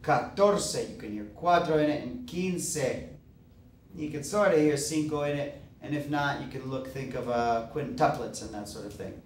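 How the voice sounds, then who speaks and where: A man teaching a language lesson, sounding each word out slowly and carefully. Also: mid-range voice, a little hiss or hum. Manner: slow, spelling words out carefully, stressing each syllable. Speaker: Spanish teacher. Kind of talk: classroom-style lesson. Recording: echoey room, mic far off.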